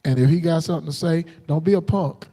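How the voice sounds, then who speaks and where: A man preaching a combative, defiant sermon on a livestream, jumping into sudden high outbursts. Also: quick pace, mellow. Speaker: preacher streaming live.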